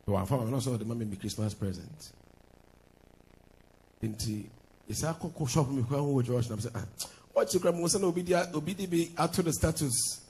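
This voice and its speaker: A man's voice: mid-range voice, lively intonation, a little fast, warm tone, husky. A man with a Ghanaian accent, a pastor preaching a sermon with sing-song lines and laughing asides, switching between English and Twi.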